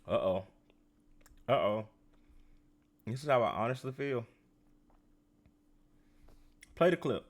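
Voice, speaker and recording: A man hosting a podcast, riffing on a reality show in a casual, profane, animated way and talking straight to his listeners. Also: medium pitch, takes it slowly, long pauses. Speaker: podcast host.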